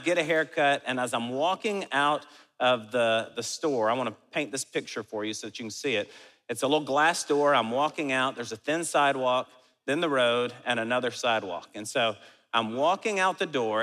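Bright-voiced pastor in a reverberant hall. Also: male voice, medium pitch. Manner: animated storyteller, acts out quotes. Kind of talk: sermon with prayer and storytelling.

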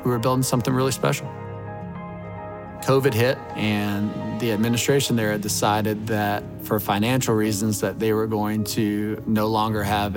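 A man in his thirties, a former baseball coach, telling an earnest, emotional personal testimony. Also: on the low side. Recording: music bed underneath.

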